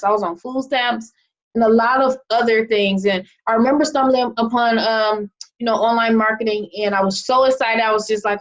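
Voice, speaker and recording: A woman's voice: on the high side, fairly quick. A young adult woman giving a casual presentation on a video call, chatty and often checking in with "okay?". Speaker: online marketing presenter. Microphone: video call microphone. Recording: muffled video call audio.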